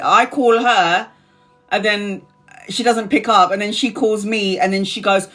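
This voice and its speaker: A woman's voice: medium pitch, steady tone, normal speed, pushed and bright. Chatty woman in her forties, self-mocking live-stream host; faint music under her. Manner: chatty, self-mocking, swears, laughs often. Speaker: tarot reader live-streaming. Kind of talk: casual live-stream chat.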